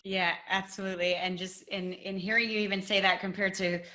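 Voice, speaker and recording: A woman's voice: medium pitch, little pitch movement, a little fast, pushed and bright. A woman fitness coach hosting a podcast interview, encouraging and upbeat.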